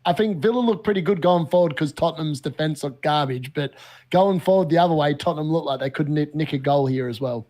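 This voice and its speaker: Man giving relaxed match commentary. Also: fairly high pitch, quick pace. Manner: relaxed, chatty running commentary. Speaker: guest fantasy football creator.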